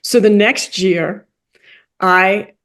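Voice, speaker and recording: Animated woman telling a story. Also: very slow. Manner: animated, acts out quoted dialogue with big pitch jumps; drops into soft, quiet asides. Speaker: guest, coach for rabbis and playwright. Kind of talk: storytelling in a podcast interview.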